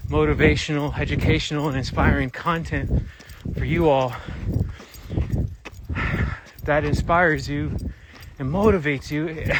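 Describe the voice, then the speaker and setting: Young man, a touch high-pitched, breathless outdoor vlog, earnest and rambling, loud background noise. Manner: earnest, rambling, searching for words. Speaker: vlogger. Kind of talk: motivational talk while jogging. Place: outdoors on a morning jog.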